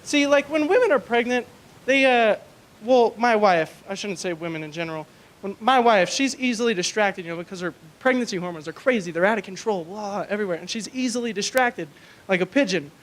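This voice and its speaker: A young man with a notably high voice performs a stand-up comedy set on a small club stage, speaking into a handheld mic. His storytelling is crude and rambling, full of fillers. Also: lively intonation, brisk, a bit bright.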